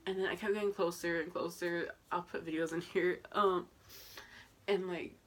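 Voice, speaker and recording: Excitable young woman rambling a storytime. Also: fairly low pitch, normal speed. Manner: excitable, swears freely, lots of fillers. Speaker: vlogger. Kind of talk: casual storytime vlog.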